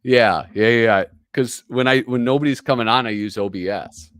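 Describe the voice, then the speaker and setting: A man with a mid-range, slightly bright voice speaks at a normal speed, his tone clear and resonant in a dry, clean studio recording. He's hosting a casual livestream from his home setup, reading through comics while rambling, poking fun at himself, and filling the air with fillers and laughter.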